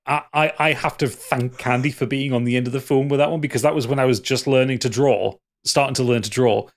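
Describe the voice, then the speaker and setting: A man's voice: medium pitch, steady tone, fairly quick. A man hosting a podcast in casual chat, rambling through stories, swearing freely and laughing often. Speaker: podcast host.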